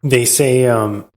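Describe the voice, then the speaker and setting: A man guesting on a podcast, relaxed and chatty, answering briefly and laughing along while recalling film lines. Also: mid-range voice. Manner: laid-back, short agreeing replies, laughs along. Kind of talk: casual film discussion.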